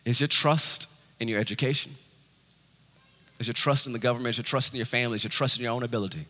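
A man preaching a sermon as pastor, swinging from loud urgent calls to low quiet asides. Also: fast talker, pauses often, big-room sound. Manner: preaching with wide swings from loud high urging to low hush.

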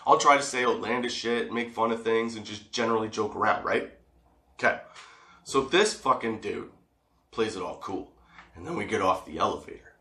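A man tells a personal story to his viewers in casual, swearing, animated talk. His voice has a bright edge. The sound rings off the walls of an echoey room. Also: fairly low pitch, moderate pace. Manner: profane, animated, laughs often, talks straight to the viewer. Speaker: vlogger.

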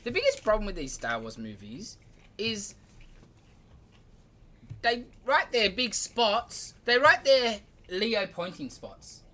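A woman's voice: medium pitch, very animated, slow pace, long pauses, bright, forceful tone. A woman co-hosting a podcast in casual chat, ranting animatedly and swearing freely. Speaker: podcast co-host.

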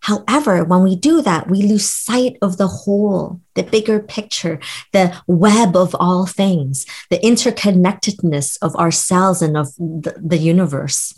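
A woman hosting a podcast, talking casually and warmly affirming her guest while reflecting on her patients. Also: fairly low pitch, a little slow, slightly rough. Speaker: podcast host; health practitioner with patients.

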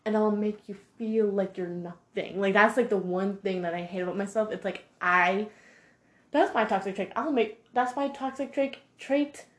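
A woman's voice: medium pitch, moderate pace. Heated, chatty woman in an echoey room. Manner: animated, heated, heavy use of 'like'. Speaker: vlogger. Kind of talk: casual monologue rant.

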